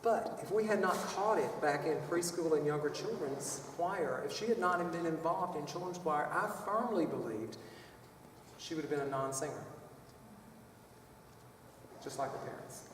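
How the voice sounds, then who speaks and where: A man's voice: on the high side, moderate pace, recorded from a distance, slight background noise. Chatty man teaching in echoey hall. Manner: chatty, rambling, with playful vocal demos. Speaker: children's choir clinician. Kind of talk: music workshop lesson.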